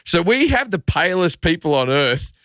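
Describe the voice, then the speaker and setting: Animated Australian man, swearing storyteller. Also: fairly high pitch, moderate pace, dry recording, clean studio sound. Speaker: comedian guest. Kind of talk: casual podcast chat.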